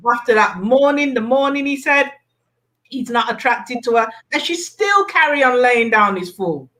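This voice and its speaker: Woman host, high voice, blunt and emphatic, casual recap chat. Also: bright, forceful tone. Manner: emphatic, blunt, tags points with "yeah?".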